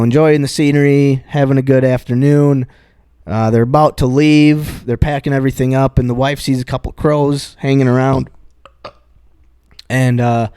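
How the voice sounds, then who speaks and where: A man's voice: medium pitch, a little mellow, smooth, no room sound, clean studio sound. A man co-hosting a podcast, retelling a stand-up bit in a casual, rambling way full of swearing and restarts. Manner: rambling, profane, many restarts and fillers. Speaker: podcast co-host.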